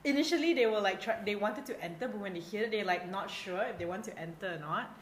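A woman's voice: mid-range voice, fast, very noisy. A woman co-hosting a casual podcast who laughs often and chimes in with short reactions. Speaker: podcast co-host. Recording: roomy echo.

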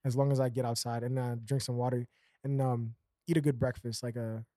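A man's voice: mid-range voice, flat delivery, a little fast, dark tone, no room sound, studio quality. A man co-hosting a podcast in casual chat, rambling with fillers and laughing often. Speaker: podcast co-host.

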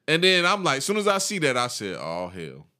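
A man's voice: high-pitched, expressive, fast, sharp tone. A man in his thirties telling a long, profane story in casual chat, laughing and acting out the people in it.

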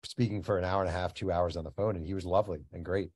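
A man's voice: sits low, racing, breathy edge, no room sound. A man, an author and guest, telling a story casually and acting out the people in it. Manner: animated anecdote teller, acts out dialogue.

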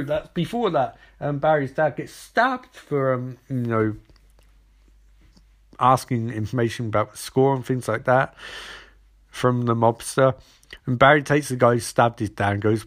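A man's voice: medium pitch, fairly bright tone. A young man casually recapping a TV episode, sarcastic and rambling, acting out the characters' lines as he goes.

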